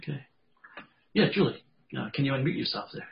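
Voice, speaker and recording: A man leading a group meditation session over a video call, talking in a gentle, chatty way and acting out inner voices. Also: mid-range voice, animated, a little fast, gravelly. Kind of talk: casual group guidance. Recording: dull lo-fi video call audio.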